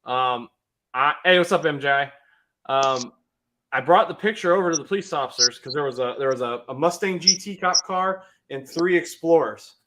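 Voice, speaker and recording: Guy in his 30s on a livestream, kinda high bright voice, rambles and laughs a lot, shouts out chat names. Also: normal speed, slight background noise. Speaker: livestream host.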